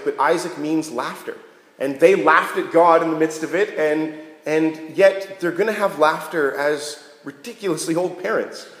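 A man's voice: a little high, fairly bright tone. A man preaching a casual sermon, joking and conversational, often checking in with "right?". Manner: jokey, conversational, keeps asking "right?". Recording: echoey hall with long reverb.

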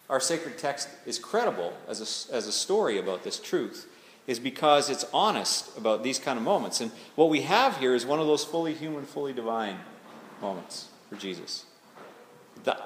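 Conversational preacher in an echoey hall. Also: male voice, medium pitch, slight background noise. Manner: conversational, reflective, rising to emphatic readings. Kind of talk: sermon. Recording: echoey hall with faint ambience.

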